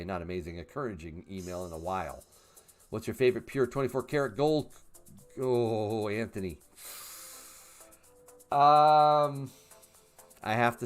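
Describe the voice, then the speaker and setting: A man in his fifties hosting a casual livestream, reading chat questions aloud and answering in a chatty way with fillers and laughs. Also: medium pitch. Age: 50s. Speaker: livestream host.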